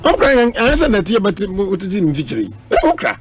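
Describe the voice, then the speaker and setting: A man's voice: sits high, very animated, a little fast. A Ghanaian man, a member of parliament, arguing animatedly on a radio panel, mixing Twi and English. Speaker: politician, minority member of parliament.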